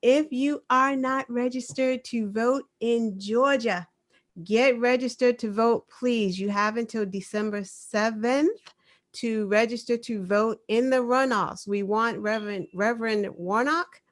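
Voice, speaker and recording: Boston-accented woman, casual news co-host, animated, slow-paced delivery, high-ish voice. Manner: animated, laughs often, urging. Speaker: co-host of an online news show. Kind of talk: casual chat.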